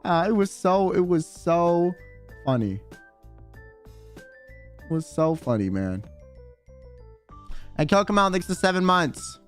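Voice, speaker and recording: Excitable young man telling stories. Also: sits high, clear, resonant tone, soft background music. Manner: excitable, swears a lot, quick quoted voices. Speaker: streamer. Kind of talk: casual storytelling chat.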